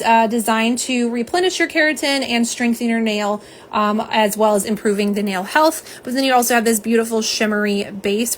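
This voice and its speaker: A woman's voice: fairly high pitch, a bit bright, a little hiss or hum. Chatty woman hosting a live polish stream. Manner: chatty, greets viewers, self-deprecating, says y'all. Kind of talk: casual live-stream chat.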